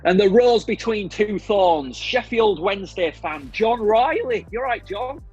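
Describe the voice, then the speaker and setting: A man's voice: sits high, lively intonation, measured pace, darkish tone, slightly rough, highs cut off, soft background music. A man hosting a football podcast over a video call, joking and laughing easily. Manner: jokey, playful, laughs easily. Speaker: podcast host. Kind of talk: casual football podcast chat.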